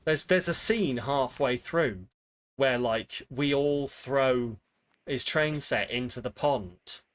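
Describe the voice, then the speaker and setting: A man's voice: medium pitch, takes it slowly. Joking, rambling British man streaming a game. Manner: joking, rambling, self-mocking. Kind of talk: casual gameplay chat with viewers.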